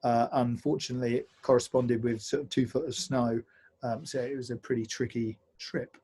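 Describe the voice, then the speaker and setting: A man's voice: medium pitch, steady tone, moderate pace, warm tone, slightly rough. Easygoing man telling adventure stories. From England. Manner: easygoing, self-deprecating storyteller with frequent fillers. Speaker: co-host of an online adventure talk. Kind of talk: casual storytelling presentation over a video call. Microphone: video call.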